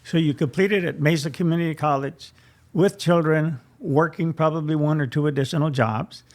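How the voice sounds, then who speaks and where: A man's voice: fairly high pitch, normal speed. A man hosting a fundraiser interview, giving brief encouraging prompts. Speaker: interview host.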